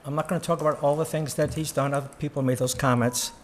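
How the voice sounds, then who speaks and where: A former board member giving heartfelt public comment at a town meeting, earnest and plain with frequent fillers. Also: male voice, fairly high pitch, fairly even intonation, fast, a little hiss or hum.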